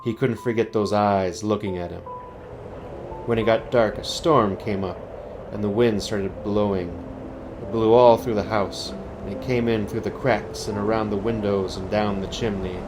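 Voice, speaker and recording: A man reading a scary story aloud, slow and building suspense. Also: on the low side, steady tone, music in the background.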